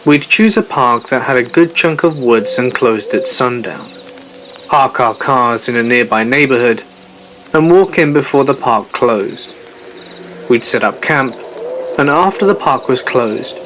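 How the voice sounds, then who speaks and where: A man telling a first-person horror story in a steady, measured narration. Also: medium pitch, background noise. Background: faint music.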